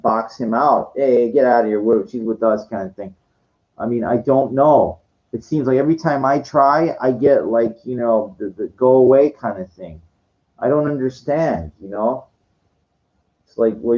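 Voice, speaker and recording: Forties male, rambling exasperated monologue, stutters and repeats himself, ordinary pitch, dull recording. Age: 40s. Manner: repetitive, stammering restarts, profane and exasperated. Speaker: monologue speaker. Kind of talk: rambling personal rant. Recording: dull lo-fi audio.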